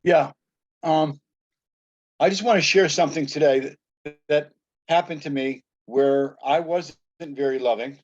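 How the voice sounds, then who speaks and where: A man in a church class telling a personal confession, halting and full of fillers. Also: a little high, dull audio. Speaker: class member.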